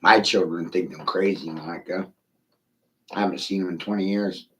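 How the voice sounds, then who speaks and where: A man's voice: sits low, steady tone, normal speed, fairly bright tone, rough recording. A middle-aged man ranting profanely in a rambling livestream monologue, speaking straight to a viewer.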